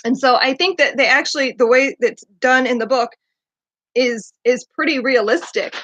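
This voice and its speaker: A woman's voice: sits high, normal speed, fairly bright tone, dry recording. A woman hosting a casual book discussion, chatty and eager, who laughs often. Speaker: podcast host. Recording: dull lo-fi dry sound.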